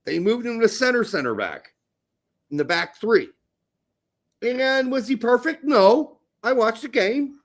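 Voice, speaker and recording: A man co-hosting a casual soccer podcast, animated, jokey and swearing freely. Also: extremely high pitch, unhurried. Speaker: podcast co-host. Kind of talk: casual sports chat.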